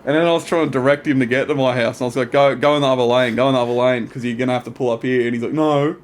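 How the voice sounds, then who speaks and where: A young man co-hosting a podcast, laid-back and halting, often laughing. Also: mid-range voice, fairly even intonation. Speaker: podcast co-host. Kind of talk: casual banter.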